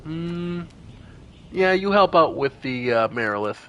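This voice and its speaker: A man streams a fantasy role-playing game and talks his party through each turn out loud. His voice sits a little high and swings widely in pitch, with sudden bright exclamations. He speaks slowly and without hurry. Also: expressive, dull audio. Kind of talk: casual gameplay commentary.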